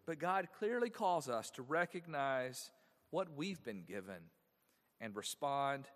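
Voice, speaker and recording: A male pastor preaching a sermon, reading scripture aloud and pressing his points with questions, his voice swelling loud on key words and dropping soft at the ends of thoughts. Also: mid-range voice, slow pace. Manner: animated preaching with wide swings in loudness. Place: church sanctuary. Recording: long reverb of a church sanctuary.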